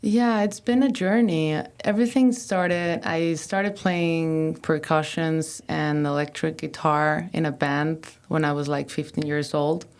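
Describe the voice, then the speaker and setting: A woman DJ and producer from Mexico and Norway, chatting casually in an interview, relaxed and rambling with lots of fillers. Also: deep voice, a little slow, few pauses. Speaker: DJ and producer guest. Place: artist room of a venue.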